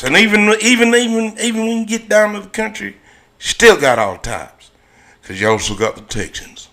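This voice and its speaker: Animated, profane man doing accents. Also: high-pitched, moderate pace, vocal fry, a little hiss or hum. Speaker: podcast host, comedian. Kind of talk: casual comedic chat with voice impressions.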